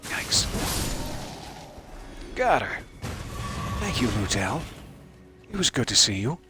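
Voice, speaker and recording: A man's voice: medium pitch, big pitch swings, normal speed, over music. A man giving live gameplay commentary, wry and musing, chatting to the enemies he fights. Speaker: streamer playing a video game.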